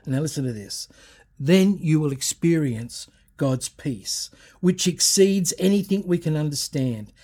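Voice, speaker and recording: A man's voice: fairly high pitch, lively intonation, moderate pace, warm tone. A middle-aged man preaching a sermon as pastor, reading scripture aloud and building emphasis with repeated phrases.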